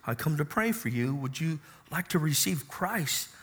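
A calm pastor at a deathbed, as a male preacher quotes him, speaking in a hushed, slow, kindly voice. His lowered tone sits below the preacher's usual ringing delivery. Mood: gentle. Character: gentle middle-aged male pastor at a deathbed.

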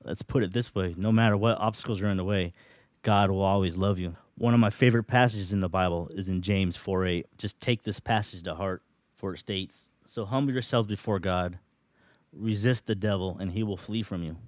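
A man's voice: deep voice, steady tone, moderate pace, dry recording. A man leading a Bible study, reading scripture passages aloud and asking the group questions. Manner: reads verses aloud, asks the group questions.

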